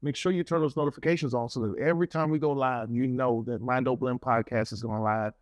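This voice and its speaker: A man's voice: mid-range voice, fairly even intonation, fast, dry recording. Enthusiastic man podcast co-host. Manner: enthusiastic, with small stumbles. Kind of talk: podcast talk with sponsor plug.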